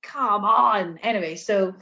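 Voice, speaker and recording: A woman's voice: mid-range voice, creaky, highs cut off. Sarcastic woman reviewing a film. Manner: lively, sarcastic, quick to laugh. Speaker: movie review podcast co-host. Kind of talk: casual chat.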